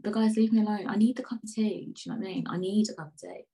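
A woman chatting casually to camera over a cup of tea, rambling, flipping between loud outbursts and quiet mutters. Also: medium pitch, fairly even intonation, rapid-fire, gravelly, rough recording. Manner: sips tea while talking. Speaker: vlogger.

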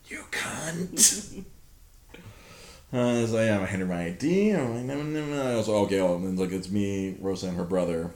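A man's voice: fairly low pitch, fast talker, few pauses, warm tone. A man in his thirties hosting a podcast, telling an exasperated, profanity-laced story in casual chat. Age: 30s. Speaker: podcast host. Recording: roomy echo.

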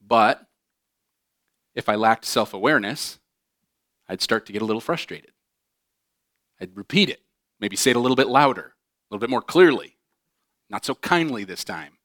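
A man preaching a sermon as pastor, animated and often acting out quoted voices with humor. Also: mid-range voice, moderate pace, pauses often, dry recording, clean studio sound.

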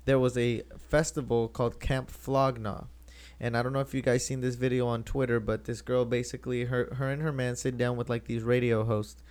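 A young man hosting a casual podcast chat, retelling a story loosely and animatedly with plenty of filler words. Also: medium pitch. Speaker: podcast host.

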